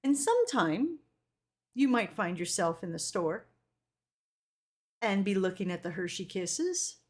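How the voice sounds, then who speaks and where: On her live stream, a woman chats casually and animatedly, reading out viewer comments and letting the odd swear slip. Her voice is medium-pitched and her pace a little slow.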